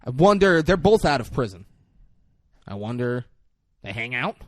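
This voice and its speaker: A man's voice: very animated, normal speed, no echo, studio quality. A man co-hosting a podcast, casually recapping a film scene by scene, swearing freely and acting out the characters' lines. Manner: retells scenes acting out characters' lines with big swings in pitch and loudness. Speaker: podcast co-host. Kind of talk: casual movie recap chat.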